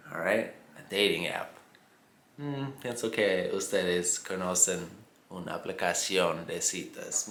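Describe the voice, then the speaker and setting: Brief: low-voiced American male English teacher, unhurried and patient, recorded in an echoey room. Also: a bit bright. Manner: repeats phrases and checks in with "okay?". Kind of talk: slow, simplified teaching monologue. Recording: roomy echoing room.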